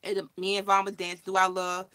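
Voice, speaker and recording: A woman vlogger telling a story in casual chat, animated and acting out the voices of the people she quotes. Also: mid-range voice, brisk.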